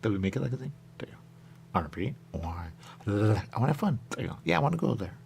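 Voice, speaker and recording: A male radio host talks in a loose, rambling way, circling back to the same stock phrases. His voice carries a gravelly fry. His pitch swings widely from low mutters to high bursts. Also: sing-song, fast talker, slight background noise. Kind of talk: loose on-air chat.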